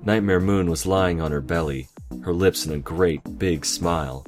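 A man calmly reading a fantasy story aloud in measured narration, over background music. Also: low voice. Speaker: story reader.

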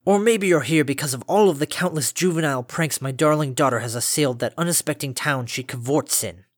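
A man's voice: on the high side, brisk, dry recording, studio quality, natural voice. Man doing a scratchy, droning old pony farmer. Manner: lethargic, curt, formal. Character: stern old male earth pony farmer.

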